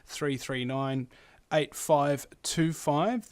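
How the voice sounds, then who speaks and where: A man hosting a call-in radio show, ranting loosely and sarcastically. He swears casually and sounds irreverent. His voice sits at an ordinary middle pitch. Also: steady tone, takes it slowly. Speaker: radio host. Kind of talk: casual opinion rant.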